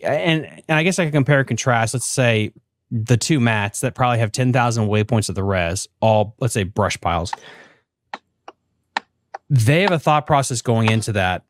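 A man's voice: mid-range voice, normal speed, a little hiss or hum. A man hosting a live fishing podcast, asking long rambling questions in a loose, joking way. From United States. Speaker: podcast host. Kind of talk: casual live podcast chat.

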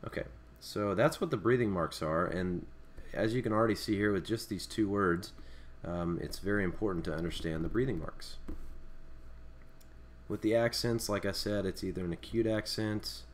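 Low-voiced and improvising, a man walks through the Greek alphabet in a screen-recorded language lesson, with lots of fillers and restarts. A little hiss or hum is present.

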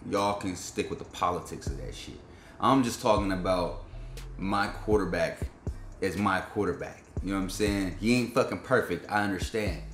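A man's voice: sits low, normal speed, a bit bright, faint music behind. A man hosting a sports fan channel, giving a frustrated, profane, slang-heavy rant reacting to his team's game. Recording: echoey room with faint background beat.

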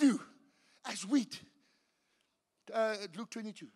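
A man preaching a sermon as pastor, swinging between hushed and shouted passages, often restarting his sentences. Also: sits high, expressive, measured pace. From South Africa. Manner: restarts and repeats words mid-sentence. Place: church.

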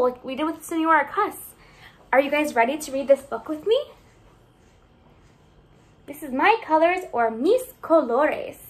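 A young woman teacher reading a picture book aloud to young children, sing-song and encouraging, asking them questions as she goes. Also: high-pitched. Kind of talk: children's read-aloud lesson.

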